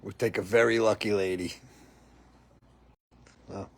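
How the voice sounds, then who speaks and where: Gravelly, chatty middle-aged man hosting. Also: fairly low pitch, steady tone, a little slow. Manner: laughs often, chatty and amused. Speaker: livestream host reading viewer comments. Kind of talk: casual live chat. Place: porch, outdoors.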